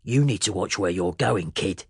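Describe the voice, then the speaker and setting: A man voicing a rude, menacing stranger with a gravelly, sneering voice. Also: mid-range voice, a little slow, a bit bright, dry recording, clean studio sound. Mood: gruff.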